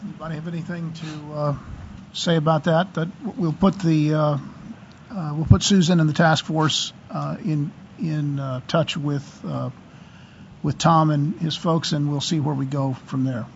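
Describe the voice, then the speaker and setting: Raised-pitch male meeting chair, gravelly, hesitant with fillers. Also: steady tone, unhurried, muffled recording, a little hiss or hum. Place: meeting room.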